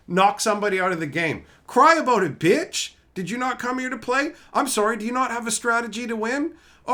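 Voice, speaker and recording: A man streaming live, talking casually and profanely, mocking people and building into loud, shouted rants. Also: a little high. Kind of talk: casual livestream rant.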